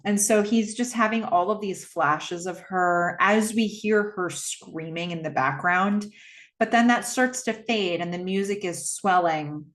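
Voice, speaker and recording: Slow, low-voiced woman recapping a film. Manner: conversational with many fillers, emotional. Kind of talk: casual movie recap.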